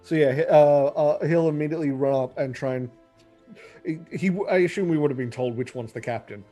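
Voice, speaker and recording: A man playing in a tabletop game, talking casually with halting questions. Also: on the high side, dark tone, faint music behind. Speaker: player. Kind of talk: casual chat.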